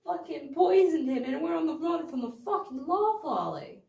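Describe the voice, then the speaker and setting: A woman's voice: high-pitched, sing-song, slow pace, darkish tone, lo-fi sound, heavily acted. A woman playing a desperate, overworked woman who rants, swears and repeats herself. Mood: ranting. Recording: roomy echo from a distant mic.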